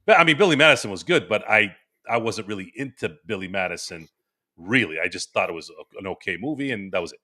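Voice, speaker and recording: Podcast host, male, forties, bright forceful voice, rambling animated storyteller. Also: fairly low pitch, fast. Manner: animated, laughing storyteller with many restarts. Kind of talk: casual storytelling. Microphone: remote stream microphone.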